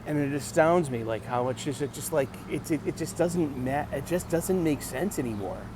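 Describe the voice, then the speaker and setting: A vlogger, a man with a fairly high voice, rambles casually at a bus stop beside a street. He speaks haltingly, restarting words and tossing in jokey asides. Busy street noise surrounds the mic, with traffic passing by.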